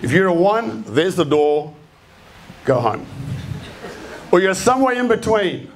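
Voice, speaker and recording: Australian man, live talk, sweary and blunt, fairly high voice, faint room hum. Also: sing-song, a little slow. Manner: swears freely, casual and blunt, quizzes the crowd. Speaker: speaker at a creative talk. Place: event room with a live audience.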